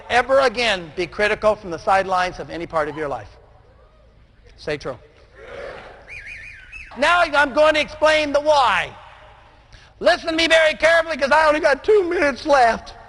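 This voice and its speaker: A man with a strikingly high voice works a live crowd as a motivational speaker, throwing out call-and-response prompts and shouting his punchlines. A faint noise sits under the stage mic. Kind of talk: motivational speech to a live audience. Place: Dallas.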